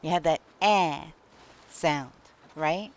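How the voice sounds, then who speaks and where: A woman's voice: sits low, takes it slowly. A woman from Long Island with a New York accent, chatting casually with viewers on a live stream and laughing often.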